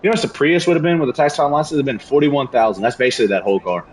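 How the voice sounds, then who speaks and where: A young man streaming a game, telling a story in a casual, animated rant full of slang and cursing. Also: mid-range voice, racing, rough recording. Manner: animated, profane, slangy ranting. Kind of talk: casual storytelling while gaming.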